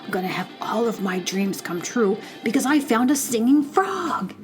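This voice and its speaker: A woman playing a greedy man who whispers excitedly about getting rich. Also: fairly high pitch, normal speed, music in the background.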